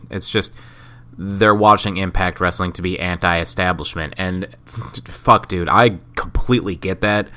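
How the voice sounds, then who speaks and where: A man's voice: low voice, sharp tone. A sick man hosting a solo podcast, rambling in a profane, self-mocking way. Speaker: podcast host. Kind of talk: casual solo podcast monologue.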